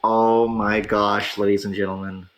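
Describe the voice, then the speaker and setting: A man hosting a casual online talk show, reacting excitably to gaming politics with frequent laughs and drawn-out exclamations. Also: lowish voice, faint music behind, low-quality recording. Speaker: podcast host.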